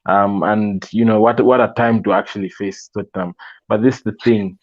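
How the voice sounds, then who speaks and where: A low-voiced man talking fantasy football on a casual panel. He laughs often and makes brash, confident predictions. His sound is dry and slightly dull. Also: steady tone, normal speed, dry recording.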